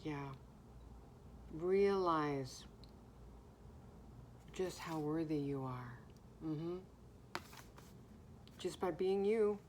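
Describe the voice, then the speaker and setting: A woman giving an intuitive tarot card reading to viewers, reflective, pausing often and humming softly to herself. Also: low voice, background noise. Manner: slow, reflective, pausing, soft hums.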